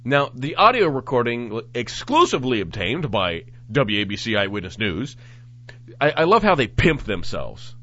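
A man hosting a talk show, reading news reports aloud and commenting on them in a sarcastic, animated way. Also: mid-range voice, moderate pace. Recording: dull lo-fi audio.

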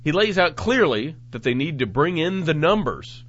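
A man hosting a talk show, reading news reports aloud and commenting on them in a sarcastic, animated way. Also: on the high side, moderate pace, few pauses. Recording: dull lo-fi audio.

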